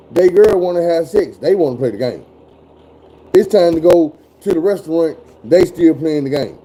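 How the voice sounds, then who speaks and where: 40-something guy telling stories, cussing nonstop, highish dark voice, bit of noise. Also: poor audio. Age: 40s. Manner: profane, blunt, drawling storyteller. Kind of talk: casual storytelling chat.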